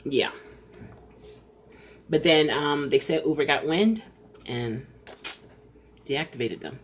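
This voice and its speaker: A woman chatting casually on a live stream, reading comments aloud and often breaking into loud laughter. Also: deep voice, takes it slowly, a little hiss or hum. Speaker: rideshare driver vlogger reading live chat.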